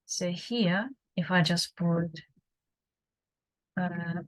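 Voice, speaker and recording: A woman teaching beginners, explaining slowly and patiently with many fillers and repeated examples. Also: lowish voice, fairly even intonation, rough recording. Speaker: Russian language teacher. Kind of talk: beginner language lesson.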